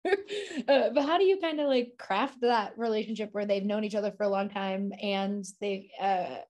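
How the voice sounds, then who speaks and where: A woman's voice: medium pitch, normal speed, a little mellow. A woman in her thirties interviewing an actress, chatty and enthusiastic, with lots of "like" fillers. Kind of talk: casual interview chat.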